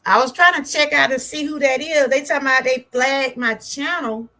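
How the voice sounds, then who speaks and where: Southern woman, wellness vlogger, livestream chat, higher voice, chatty and exclaiming. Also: steady tone, moderate pace, sharp tone. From Georgia, US. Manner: chatty, exclaiming, talks back to her chat.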